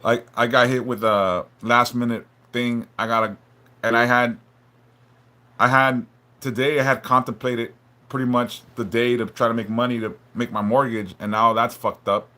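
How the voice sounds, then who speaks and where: A man hosting a live stream, talking haltingly and emotionally, stumbling and repeating words, swearing a lot and apologizing for opening up. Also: medium pitch, little pitch movement, sharp tone. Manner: apologetic and openly vulnerable. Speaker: livestream host reading chat.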